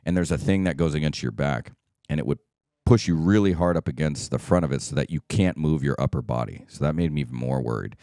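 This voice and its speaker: A man's voice: extremely low pitch, fast, creaky, dark tone, no echo, studio quality. A man hosting a solo podcast, talking casually and checking in often with "right?" and "okay?". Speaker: podcast host.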